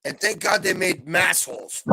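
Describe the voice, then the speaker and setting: A man on a live panel chat, talking in a vulgar, loud, abrasive way as he tells stories. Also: high voice, normal speed, husky, no room sound, low-quality recording. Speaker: regular panelist.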